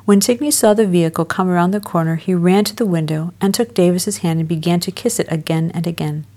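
A woman telling a devotional story as a dramatic sermon, measured and emphatic with a solemn delivery. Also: lowish voice, mellow.

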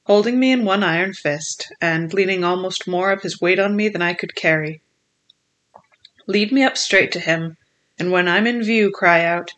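Steady audiobook narrator of a classic novel. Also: medium pitch. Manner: measured, steady storytelling.

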